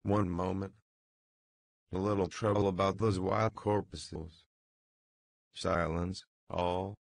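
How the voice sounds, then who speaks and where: A man's voice: deep voice, flat delivery, creaky, no room sound, exaggerated voice. A man reading as a jaunty, mocking young joker. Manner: brisk, gay, teasing.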